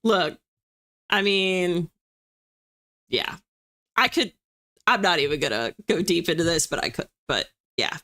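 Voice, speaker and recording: A woman's voice: lowish voice, unhurried, long pauses, sharp tone. A young woman from the US East Coast, hosting a livestream and chatting casually with viewers in a self-deprecating way. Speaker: livestream host. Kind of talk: casual chat reading viewer comments.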